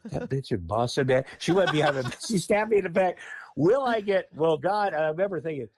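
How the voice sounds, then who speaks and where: A man telling a story on a podcast in a casual, animated, profane way. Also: on the high side, a little fast, a little hiss or hum. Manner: animated, profane, laughing often. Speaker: podcast guest.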